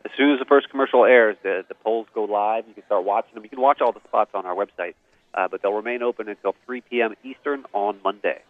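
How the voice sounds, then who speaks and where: A man's voice: fairly low pitch, fast, no room sound. A man calling in as a guest, confidently commenting on TV ads with small restarts. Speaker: phone-in guest. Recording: tinny phone line.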